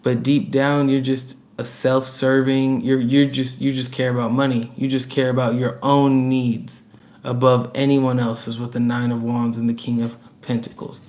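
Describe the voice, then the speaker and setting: A man's voice: mid-range voice, little pitch movement, moderate pace, a little mellow. A man giving a casual, chatty tarot reading to camera, emphatic and prone to repeating himself, with laughs between points. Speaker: tarot reader.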